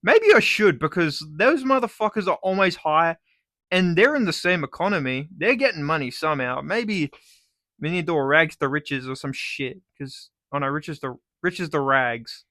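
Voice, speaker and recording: A man's voice: on the high side, moderate pace, dry recording, studio quality. Sarcastic, swearing Australian man ranting. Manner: profane, sarcastic, animated ranting. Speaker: YouTuber. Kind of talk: casual ranting vlog.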